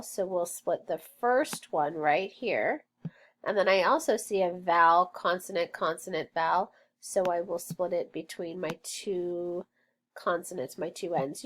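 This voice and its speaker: Woman teacher, phonics lesson, very slow pace, clear sounding-out, encouraging. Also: medium pitch. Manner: encouraging, sounds out words slowly. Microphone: online lesson recording.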